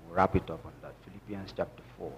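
A man's voice: low voice, fairly even intonation, fast talker, slightly rough. Preaching man in a reverberant hall. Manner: emphatic, call-and-response preaching. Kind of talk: sermon. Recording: long church reverb with music.

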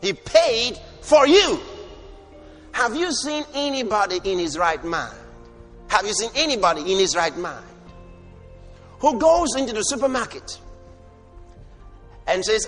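A man preaching a sermon, emphatic, asking rhetorical questions and breaking into sudden shouts. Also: high-pitched, very animated, a little slow, pauses often, soft background music.

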